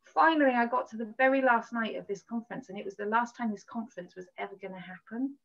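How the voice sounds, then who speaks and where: Animated woman telling a story on a lo-fi call. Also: a little high, fast, creaky. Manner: animated storytelling, acts out quoted voices. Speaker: podcast host sharing a testimony. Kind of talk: casual video-call conversation. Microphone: video call. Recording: dull lo-fi video-call audio.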